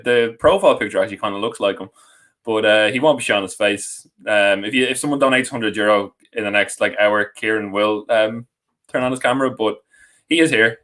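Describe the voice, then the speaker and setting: Rambling young podcast host. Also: male voice, fairly low pitch, fairly bright tone, poor audio. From Ireland. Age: young adult. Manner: rambling, self-correcting, laughing often. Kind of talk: casual live stream chat.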